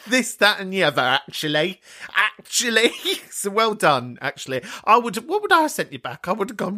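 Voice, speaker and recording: A man hosting a podcast, reacting to listener voicemails in a giggly, sweary, expressive way. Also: high voice, normal speed. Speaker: podcast host. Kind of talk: casual chat reacting to voicemails.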